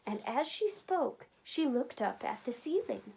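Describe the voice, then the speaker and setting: A woman librarian reads a children's storybook aloud. Her storytelling is expressive and animated, with a fairly high voice that swings widely in pitch. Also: unhurried, gravelly, breathy edge.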